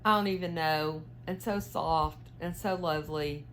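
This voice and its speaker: A woman's voice: low voice, fairly even intonation, unhurried, a little hiss or hum. A woman, chatting casually to her viewers while she knits, full of fillers and questions and a little tired. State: yawning, tired. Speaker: knitting vlogger. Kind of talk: casual chat while knitting.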